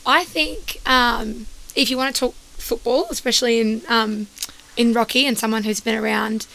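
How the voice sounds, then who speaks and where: A woman's voice: a little high, fairly even intonation, moderate pace, creaky, bright, forceful tone. A woman chatting as a podcast guest, laughing often and talking with many fillers. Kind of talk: casual chat.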